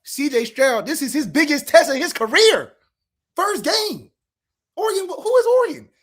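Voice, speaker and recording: A man on a sports podcast, trash-talking in a sarcastic rant. His voice sits high and swings widely, and he fires off rhetorical questions that sometimes break into shouts. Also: lively intonation, moderate pace. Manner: shouts at peaks. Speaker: podcast co-host.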